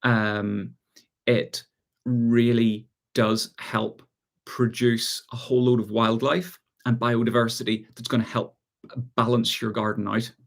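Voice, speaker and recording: A man with an Irish accent hosting a relaxed live chat, reading out viewer questions and answering them with easy laughs. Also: mid-range voice, unhurried, vocal fry. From Ireland. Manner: relaxed, chatty, reads out viewer comments and laughs often. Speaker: gardening channel host.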